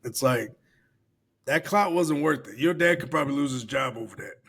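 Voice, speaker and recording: A man's voice: mid-range voice, lively intonation, moderate pace, fairly bright tone, slightly rough. Laid-back profane podcast guy. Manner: loose, profane, laughing while reading aloud. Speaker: podcast co-host. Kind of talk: casual podcast chat.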